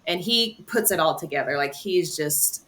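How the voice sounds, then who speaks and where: A woman from a hard rock band, a guest on a radio interview, talking in a relaxed, halting way. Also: low-pitched, slight background noise. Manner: relaxed, halting, full of fillers. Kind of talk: casual interview chat.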